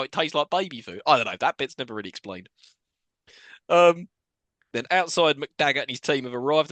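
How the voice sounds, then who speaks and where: A man's voice: fairly high pitch, pushed and bright, no room sound. A man co-hosting a podcast, animatedly recapping a film's plot and mocking scenes in put-on voices. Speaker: podcast co-host. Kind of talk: casual film-review chat.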